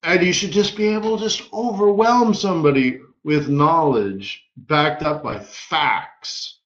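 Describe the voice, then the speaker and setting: Guy running a live forex webinar, fairly high voice, punchy and emphatic, kinda roomy dull audio. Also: a little slow. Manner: energetic, emphatic storyteller, punchy repeated phrases. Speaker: forex market strategist hosting a live webinar. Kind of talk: live trading webinar talk with anecdotes.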